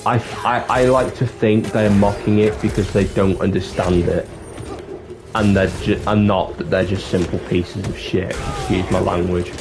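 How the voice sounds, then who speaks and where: A man talks on a livestream in a candid, rambling way, with the odd swear word. His voice sits a little low. Music plays clearly behind him. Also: steady tone, moderate pace. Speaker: live streamer. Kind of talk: casual livestream chat. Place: dark room with the light off.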